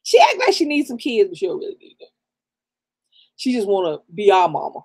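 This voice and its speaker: On the high side, her voice has big pitch swings, a darkish tone and a quick pace. The speaker, a middle-aged woman raised in the American South, co-hosts a casual live stream channel, giving blunt, profane advice and preachy real talk with laughter.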